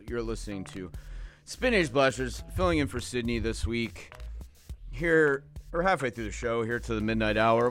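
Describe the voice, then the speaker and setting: A man with a fairly low voice hosts a late-night radio show. He rambles through his back-announcing in a loose, jokey way and keeps drifting into asides. Faint music sits under his voice. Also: fairly bright tone. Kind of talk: casual radio show talk.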